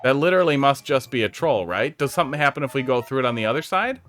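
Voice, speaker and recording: Talking fast and animatedly in a mid-range, slightly bright voice, a streamer goes through levels his viewers built. Faint game music plays as he keeps up a sarcastic, joking, chatty patter.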